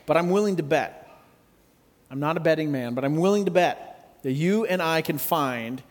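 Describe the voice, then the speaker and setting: A man preaching a sermon in a conversational, reflective way with gentle humor. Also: fairly high pitch, long reverb tail. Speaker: pastor.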